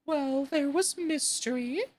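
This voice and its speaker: A woman voicing a melancholy old male Mock Turtle, drawing out her words slowly with sighs. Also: high voice, a little mellow, pitched above the performer's own voice. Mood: mournful. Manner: slow, drawn-out, sighing delivery.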